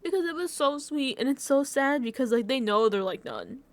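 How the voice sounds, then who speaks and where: A woman vlogger talks through a reality show recap in a casual, emotional way, with lots of "like" and laughter between phrases. Her voice sits a little high and swings widely in pitch. She sounds gushing and heartfelt throughout. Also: lively intonation, fairly quick. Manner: effusive, emotional, filler-heavy with frequent "like".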